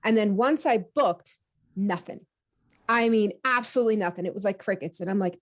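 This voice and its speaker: A woman on a podcast telling a personal story in a lively, casual way, acting out her own thoughts with quick asides and easy laughs. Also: fairly high pitch. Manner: many fillers and restarts, laughs easily. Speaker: podcast guest.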